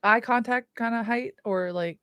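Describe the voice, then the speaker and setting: A woman's voice: fairly high pitch, moderate pace, sharp tone, smooth, no room sound. A woman playing a tabletop game, talking in a hesitant, chatty way. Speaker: player. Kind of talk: casual tabletop play.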